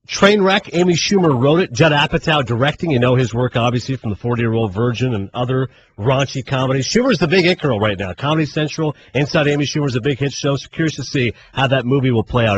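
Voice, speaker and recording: A man co-hosting a sports radio show, delivering brisk, upbeat rundowns. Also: mid-range voice, lo-fi sound, slight background noise. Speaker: radio co-host. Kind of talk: casual sports talk.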